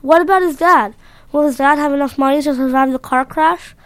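A woman's voice: high voice, brisk, dry recording. A woman reading a story aloud in a plain, earnest way.

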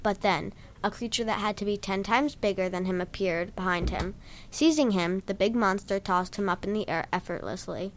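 A woman's voice: medium pitch, moderate pace, slight background noise. Woman reading a story aloud. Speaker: reader.

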